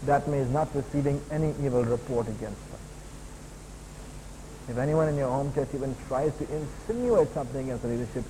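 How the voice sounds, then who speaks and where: A man preaching a sermon as a pastor, building to loud emphatic peaks and then dropping to quieter, lower asides. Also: normal speed, pauses often, background noise. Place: church hall. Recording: long hall reverb, faint ambience.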